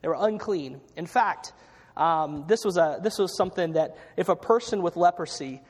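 A man's voice: high-pitched, moderate pace, slightly rough. A man preaching a sermon as pastor, earnest and conversational, with frequent fillers and restarts. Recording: hall reverb.

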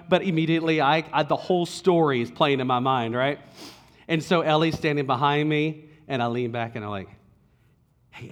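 Male pastor, storytelling sermon, somewhat high voice, long church reverb. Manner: conversational storytelling, drops to hushed tones.

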